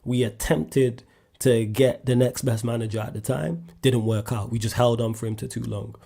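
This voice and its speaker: A man hosting a solo sports question-and-answer show, talking in a blunt, animated way and climbing sharply in pitch when he drives a point home. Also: normal speed, vocal fry. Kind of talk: casual sports chat.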